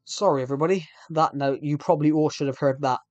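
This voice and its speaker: A man casually narrates his game for viewers in a slightly higher voice. He rambles and trips over his sentences. The sound is close and dry. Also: fairly even intonation, fast talker, dry recording, lo-fi sound, soft background music. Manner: rambling, frequent restarts, chatty with viewers. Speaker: streamer. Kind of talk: casual live game commentary.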